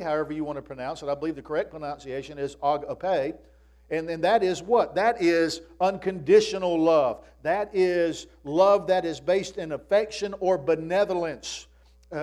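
A man's voice: sits high, darkish tone. A male pastor preaching a sermon in a folksy way, often asking his listeners "Amen?". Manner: preaching with repeated call-and-response "Amen?"; folksy, addresses listeners as "friend".

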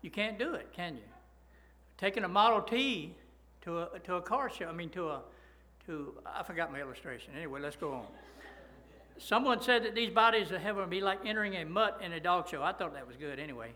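A man's voice: high-pitched, animated, fairly quick, sharp tone. A male pastor preaching a sermon, reading scripture and checking in with the congregation with frequent "right?" asides. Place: church.

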